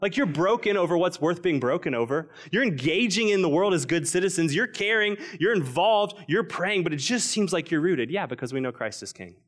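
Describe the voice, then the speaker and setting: Man preaching with slow, earnest emphasis. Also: high voice, animated. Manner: earnest preaching, stretches key phrases slowly, drops quiet for emphasis. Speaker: pastor. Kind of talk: sermon.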